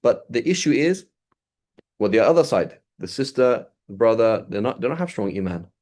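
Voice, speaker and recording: Lively man teaching in casual talk. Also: medium pitch. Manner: animated, acts out dialogue in quick asides. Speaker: Islamic teacher. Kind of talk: casual lesson with anecdotes.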